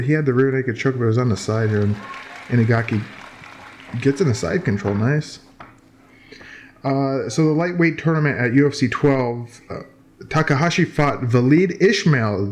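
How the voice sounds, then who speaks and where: Watching old fight footage, a man offers casual, joking commentary full of fillers and restarts. His voice is medium-pitched and his pace moderate.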